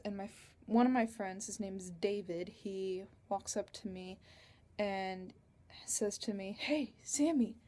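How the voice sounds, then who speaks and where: A woman's voice: mid-range voice, mellow. A teenage girl telling a story in a casual, rambling vlog on a computer webcam, with giggles along the way. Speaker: vlogger.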